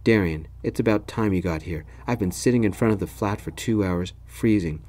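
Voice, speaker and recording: A man's voice: fairly low pitch, moderate pace, a little mellow, natural voice. A man playing a grumpy English father. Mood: grumbling. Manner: grumbling, commanding. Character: middle-aged English father, grumpy and stern. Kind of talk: whispered role-play.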